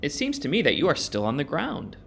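A man's voice: on the high side, wildly swooping pitch, a little fast, vocal fry, a little hiss or hum, full character voice. A man doing a prim storybook lady friend. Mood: gentle. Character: fussy, frank female storybook friend. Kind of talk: storybook reading.

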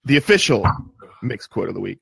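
Male podcast host, gravelly and lively, laughs a lot and leads the chat. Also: fairly low pitch, brisk, no room sound. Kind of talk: casual chat.

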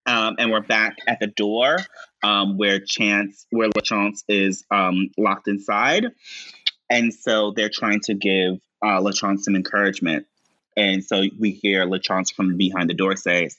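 A man co-hosting a casual chat, slowly recapping a TV scene with lots of fillers and pausing to act out lines in a higher voice. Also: level tone, bright, forceful tone, dry recording, highs cut off. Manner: slow, halting recap with frequent fillers and high-pitched quoted lines. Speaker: podcast co-host recapping a show.

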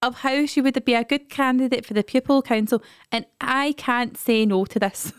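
A woman in her thirties co-hosting a casual podcast, telling lively stories about her kids and acting out their voices. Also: fairly high pitch, normal speed, clear, resonant tone, dry recording, studio quality. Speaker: podcast co-host. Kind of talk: casual chat.

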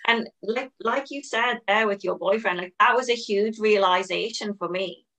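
A woman with a bright, clear voice hosts a laid-back conversation. She rambles in long, looping sentences full of filler words. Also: medium pitch, normal speed. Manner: rambling, heavy use of "like" and "you know". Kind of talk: casual chat.

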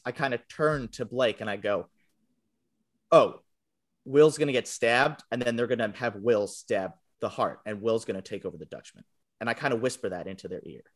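A young man appears as a storyteller guest on a game show, telling a funny anecdote over a video call. His mid-range, slightly bright voice rambles in a self-deprecating way, often restarting sentences.

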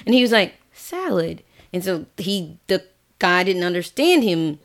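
Animated young woman telling a story. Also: fairly low pitch, moderate pace. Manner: animated storyteller, acts out quoted voices. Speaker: English teacher abroad. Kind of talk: casual podcast chat.

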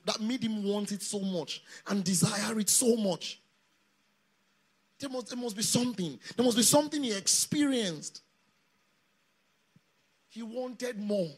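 A man's voice: sits high, a bit bright, slightly rough. A man preaching a sermon at a camp meeting, emphatic and calling the congregation to read scripture aloud with him. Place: church or camp meeting hall.

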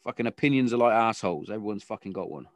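A man's voice: lowish voice, rapid-fire, no room sound, clean studio sound. A British man hosting a casual podcast chat, talking in a sweary, rambling way with frequent restarts. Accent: British English. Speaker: podcast host.

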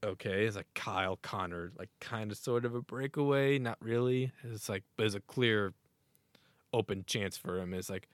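A man chatting casually on a podcast, his voice sitting a little low. He rambles excitedly and often breaks into laughter. The recording is dry and close, with no room sound. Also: moderate pace, no echo. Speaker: podcast co-host. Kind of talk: casual sports chat.

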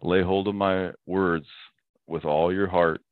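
A man with a very low voice talks earnestly in a relaxed interview, quick to quote a proverb and to laugh. The sound is thin and narrow, like a phone line. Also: no echo. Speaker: podcast guest. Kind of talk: casual interview talk.

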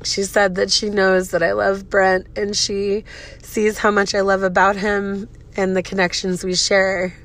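A woman's voice: medium pitch, flat delivery, unhurried, fairly bright tone. Woman, thirties, solo podcast monologue, emotional, profane, venting. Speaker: podcast host. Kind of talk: casual personal podcast monologue.

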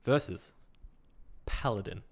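A man's voice: on the low side, slow pace. A man co-hosting a casual podcast, trading dry, teasing jokes. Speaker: podcast co-host. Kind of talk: casual chat.

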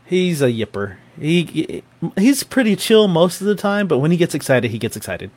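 A man in casual chat, telling an anecdote with lively put-on voices and frequent laughter. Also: normal speed. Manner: animated storyteller, acts out voices with big pitch jumps and laughs.

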